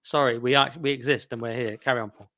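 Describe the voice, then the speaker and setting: A man's voice: medium pitch, fairly even intonation, fast talker, a bit bright. A man from England, hosting a podcast, talking in a blunt, sardonic way with rambling asides. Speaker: podcast host. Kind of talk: casual opinionated chat.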